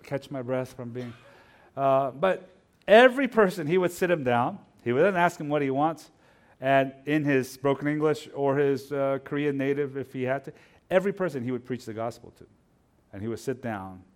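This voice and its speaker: Animated storytelling male pastor. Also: medium pitch, moderate pace. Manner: storytelling, swinging from hushed asides to loud animated bursts. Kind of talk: sermon.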